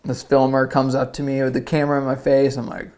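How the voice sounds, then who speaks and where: A man's voice: medium pitch, completely flat delivery, fast talker, darkish tone. A young man from South Carolina, a surfer and podcast guest, telling a story casually and rambling with lots of "like". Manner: rambling, lots of "like", acts out quotes.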